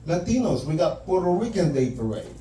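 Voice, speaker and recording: A man's voice: high-pitched, very animated, brisk, warm tone, slight background noise. A male stand-up comedian delivering a crude, punchy comedy set full of profanity in a comedy club. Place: comedy club stage before a laughing audience. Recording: echoey club room, mic at a distance.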